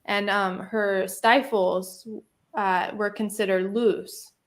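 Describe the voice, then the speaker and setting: A woman's voice: medium pitch, steady tone, slow. A woman telling a personal story in a casual interview, chatty, laughing often and using lots of fillers. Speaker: guest.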